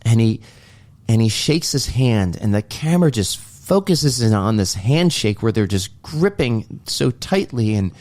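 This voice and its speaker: This podcast co-host tells the story of a movie scene earnestly and reflectively, casually acting out the quotes. His medium-pitched voice is expressive and darkish, moving a little slowly.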